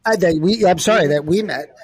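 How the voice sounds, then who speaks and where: A man's voice: high-pitched, a little fast, rough recording. A man co-hosting a casual podcast, talking loosely with frequent restarts and laughs. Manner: rambling, restarts, laughs often. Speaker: co-host.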